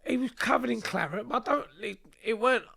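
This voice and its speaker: A man's voice: extremely high pitch, fast, vocal fry, pushed and bright. A man, a guest on an interview show, telling a story in a blunt, sweary, rambling way.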